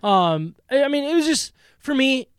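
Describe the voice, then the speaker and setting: A man with a notably high voice chats about football as a podcast co-host, excitable and quick to laugh, with plenty of restarts. His voice sounds close and dry, with no room around it. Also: no echo. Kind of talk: casual sports chat.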